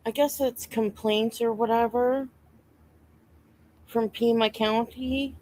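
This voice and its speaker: A woman's voice: on the high side, fairly even intonation, takes it slowly, dark tone, slight background noise. A woman guest on a livestream, chatting casually and hesitantly with many fillers. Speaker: stream guest. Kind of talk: casual chat.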